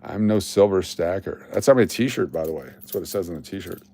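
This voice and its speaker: A man's voice: sits low, brisk, dark tone. A man hosting a coin roll hunting livestream, rambling, joking and answering his chat as he works. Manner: rambling, jokey, talks to chat.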